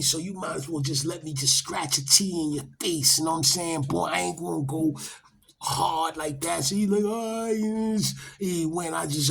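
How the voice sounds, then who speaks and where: A man's voice: a little high, vocal fry, slight background noise. A middle-aged man, telling a story in casual street talk and acting out the quotes. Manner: animated, acts out quotes, rising loud when excited.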